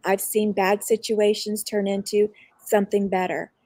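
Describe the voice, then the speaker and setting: A woman's voice: mid-range voice, level tone, normal speed, a little mellow, no room sound. A woman guest on a live online show, telling a personal story in an earnest, reflective way.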